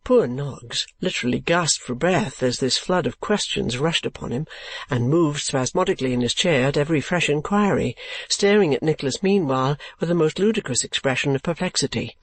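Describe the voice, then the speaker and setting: A male narrator reading a classic novel as an audiobook. His delivery is measured and steady, in a somewhat high voice. The recording is dry and close, with no room sound. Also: no echo. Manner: measured storytelling.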